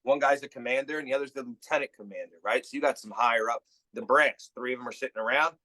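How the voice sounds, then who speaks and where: Bright-voiced slangy podcast host. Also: male voice, mid-range voice, fast, dry recording, poor audio. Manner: slangy, animated storyteller. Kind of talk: casual podcast chat.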